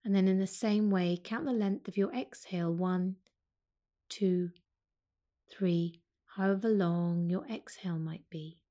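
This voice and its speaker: A woman teaching yoga, speaking slowly and calmly as she guides a breath meditation. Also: medium pitch. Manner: slow, calm and soothing.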